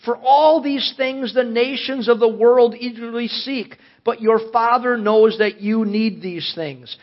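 A man's voice: extremely high pitch, unhurried, hardly any pauses. A male pastor giving a sermon. He reads long scripture passages and asks the congregation earnest questions, with emphatic rises in his voice. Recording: dull lo-fi audio.

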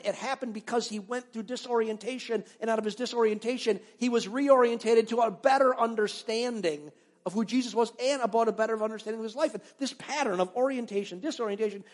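A man preaching a sermon as a pastor, telling stories with animated swings between loud and hushed. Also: very high voice, quick pace, in a large hall. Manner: animated storytelling, acting out biblical voices, dropping to near-whispers.

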